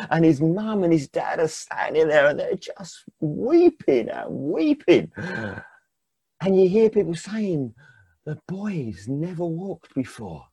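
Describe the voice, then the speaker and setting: A man preaching a sermon as second-person guided storytelling, dramatic, swinging between hushed and emphatic. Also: a little high, gravelly, slightly rough, dry recording.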